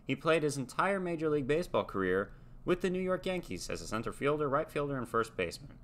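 A young man from the United States hosts a reaction video, casually reading facts aloud, musing, and trailing off. His voice is on the high side and a bit bright, with big pitch swings and a fast pace.

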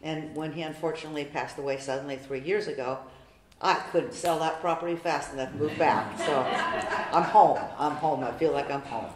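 A woman's voice: low-pitched, fairly quick, a little hiss or hum. An older woman telling her personal story in a heartfelt, chatty way during a church interview. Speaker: parishioner. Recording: roomy church echo.

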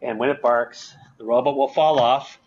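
Male researcher, plain mid pitch, relaxed and full of ums, slightly dull lo-fi audio from a lab. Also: moderate pace, a little hiss or hum. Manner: relaxed, with many fillers. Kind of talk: explaining his research in an interview.

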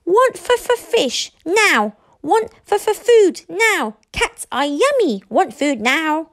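A stammering, hissing baby dragon. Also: female voice, extremely high pitch, big pitch swings, drawn-out words, mellow, pitched above the performer's own voice, exaggerated voice. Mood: frantic. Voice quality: stuttering, hissing. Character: tiny hungry baby dragon, greedy and stammering.

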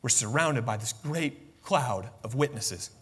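A man's voice: medium pitch, expressive, a little slow, fairly bright tone, breathy edge. A man preaching a sermon with passion, acting out the voices of biblical figures as he goes. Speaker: pastor. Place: church sanctuary. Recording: long church reverb.

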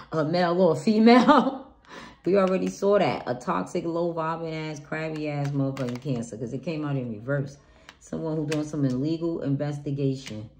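A woman's voice: sits low, a little mellow. A woman giving a casual tarot reading, blunt and profane, talking in a hyped-up, emphatic way. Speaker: tarot reader. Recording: noisy home recording.

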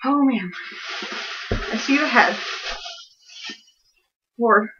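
A woman's voice: mid-range voice, normal speed, highs cut off, over music. A young woman vlogging an unboxing at home, gushing and giddy, with lots of filler words. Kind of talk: excited unboxing vlog.

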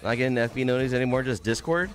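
A man's voice: mid-range voice, rapid-fire, faint music behind. A young man streaming a game, chatting casually and upbeat, greeting viewers by name and swearing now and then. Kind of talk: casual live-stream chat.

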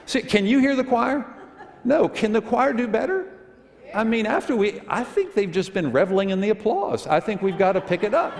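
Male pastor, fairly high voice, folksy storytelling sermon, long church reverb. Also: animated, moderate pace. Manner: leads congregation in reading aloud. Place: church sanctuary. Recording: echoey church hall.

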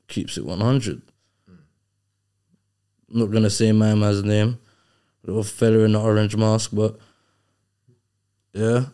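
A man talks bluntly in a casual interview, tossing in street slang at every turn. His voice sits low and mellow. The tone comes through smooth and clean. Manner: blunt, street slang, says "bro" and "innit" a lot. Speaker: guest rapper.

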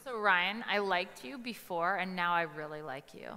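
A woman's voice: on the low side, moderate pace, noisy background. A woman co-hosting a live event, reacting with effusive enthusiasm. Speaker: co-host. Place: large event hall on stage. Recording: reverberant event hall.

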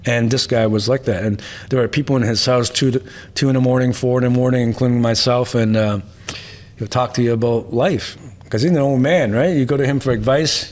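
A man, a martial arts teacher, telling stories in an interview, emphatic and casual, stacking up repeated phrases and tagging points with a quick question. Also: mid-range voice. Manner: emphatic, tags points with "right?"; repetitive rhetorical lists. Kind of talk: interview storytelling.

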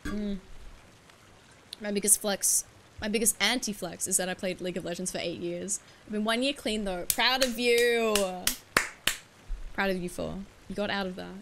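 A woman streamer talking casually into a desk mic as she plays a video game. She swears freely and chats with her viewers at a mid-range pitch. A faint hum sits under her voice. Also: steady tone, fairly quick, gravelly, a bit bright. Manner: chatty, swears freely, reads and answers viewer chat. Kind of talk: casual chat while livestreaming a video game.

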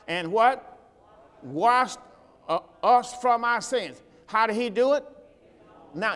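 A man preaching a sermon in a high, ringing voice, pausing for his congregation to answer back. His voice climbs and grows louder when he presses a point. The sound carries a long reverb, like a church sanctuary. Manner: preaching with call-and-response to the congregation; rises in pitch and volume when stressing a point. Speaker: pastor; host.

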